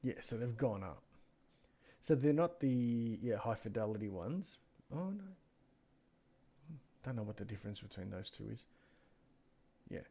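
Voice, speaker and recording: A man's voice: lowish voice, animated, measured pace, pauses often, warm tone. A man co-hosting a PC deals show, chatting loosely through anecdotes and muttering to himself as he browses. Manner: chatty, loose, trails off mid-sentence, mutters while browsing. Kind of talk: casual rambling chat with anecdotes. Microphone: gaming headset mic.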